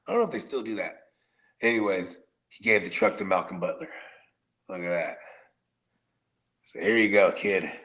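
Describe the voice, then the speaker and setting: A man co-hosting a casual sports podcast, telling stories in an animated, profane way that swings between loud bursts and quiet asides. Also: sits low, normal speed, long pauses. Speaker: podcast co-host.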